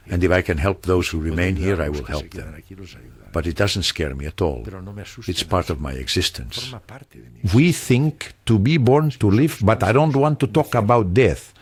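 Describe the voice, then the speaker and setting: An older man from Spain, a retired surgeon, answering interview questions in a calm, earnest, reassuring way. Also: sits low.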